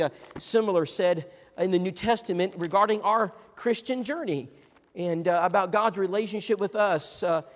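A man with a high voice preaches a sermon. He moves between ringing, raised proclamation and low, quiet asides. The sound carries the long reverb of a large church hall. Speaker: pastor.

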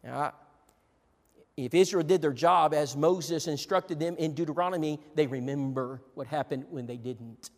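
A man with a high voice preaches a sermon. He moves between ringing, raised proclamation and low, quiet asides. The sound carries the long reverb of a large church hall. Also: normal speed. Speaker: pastor.

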